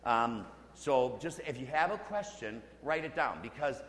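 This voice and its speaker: A Catholic priest in his fifties giving a conversational, humorous storytelling sermon, dropping to a hush for emphasis. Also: mid-range voice, lively intonation, a little slow. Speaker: Catholic priest leading a parish mission. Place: church. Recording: roomy church with long reverb.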